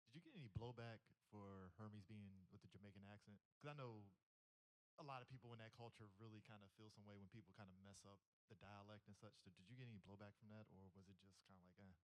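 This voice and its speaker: Dude asking a question from the audience, talks fast, lowish voice, super casual. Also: male voice, rough recording. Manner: casual, loose phrasing.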